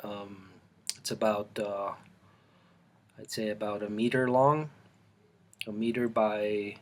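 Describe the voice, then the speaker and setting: A man in his forties, born in Colombia, chatting casually to camera in his home art studio, halting and full of restarts. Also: lowish voice, fairly even intonation. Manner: rambling, halting, with many restarts and fillers. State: eating, mouth full at times. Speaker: artist and channel host.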